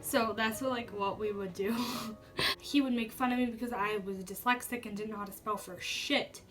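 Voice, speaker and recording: A woman's voice: a little high, steady tone, moderate pace, a bit bright, far from the mic, faint music behind. A young woman telling a personal story to camera in a chatty way, full of "like" and casual swearing. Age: young adult. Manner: chatty, says "like" often, swears freely. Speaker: YouTuber.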